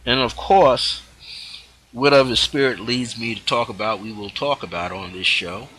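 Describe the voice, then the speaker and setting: A man hosting a spiritual teaching show, speaking reflectively and letting his phrase endings drop off softly. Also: fairly low pitch, normal speed, slight background noise, rough recording.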